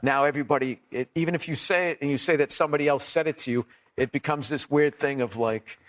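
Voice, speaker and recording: A middle-aged comedian telling profane, animated stories in a casual podcast chat, often laughing at his own jokes. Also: on the high side, fast talker. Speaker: comedian guest.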